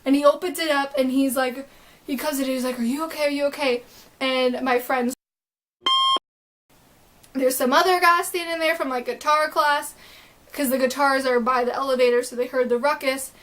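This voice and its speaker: A young adult woman telling a storytime vlog, excitable and rambling, with lots of filler words. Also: high voice, moderate pace, pauses often. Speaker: vlogger.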